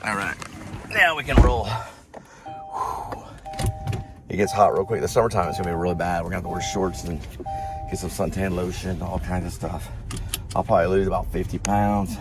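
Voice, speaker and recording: A vlogger and delivery driver rambles casually while driving, joking and repeating phrases in a low voice at a fast pace. He's inside the vehicle, and loud road noise fills the recording.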